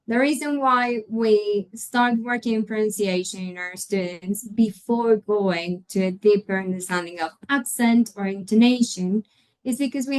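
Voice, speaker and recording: A woman whose first language is Spanish runs an online English teaching webinar, patiently explaining pronunciation through a computer mic. Her voice is slightly high and a little mellow, and she often pauses to check on her audience. The recording is rough.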